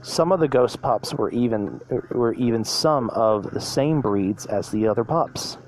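A man's voice: medium pitch, a little slow. Man reading a fan story aloud. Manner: plain reading with restarts.

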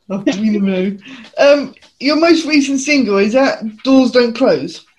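A woman's voice: a little high, animated, takes it slowly, darkish tone. A woman interview host giving short, encouraging replies and laughing. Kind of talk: casual interview chat. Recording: faint background noise with clicks.

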